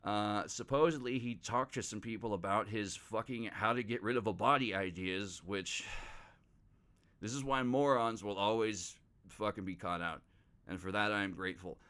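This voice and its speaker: A man with a slightly low voice hosts a podcast in a loose, unscripted monologue. He rambles from point to point, swears often and mocks his subjects with scorn. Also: moderate pace, fairly bright tone, smooth. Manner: profane, rambling and mocking. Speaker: podcast host. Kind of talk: casual true-crime monologue.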